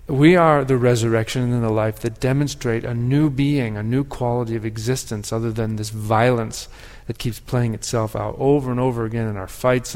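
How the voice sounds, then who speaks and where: A man delivers a sermon in a reflective, measured way, pausing and restarting as he thinks aloud. His voice sits in a middle pitch, and a long reverb from the sanctuary trails each phrase. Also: darkish tone. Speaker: pastor.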